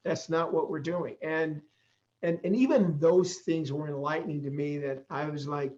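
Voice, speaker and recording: A man's voice: on the high side, moderate pace, a little mellow, muffled recording. A middle-aged man speaking earnestly and emphatically as a guest in an interview, often repeating words as he searches for them. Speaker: college president, guest. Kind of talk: interview conversation.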